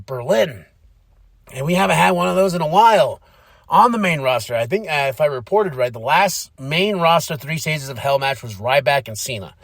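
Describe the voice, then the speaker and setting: Male podcast host, casual and animated, slightly high voice, dry close recording. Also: vocal fry, no echo. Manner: animated, acts out quotes in shifting voices. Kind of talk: casual wrestling recap.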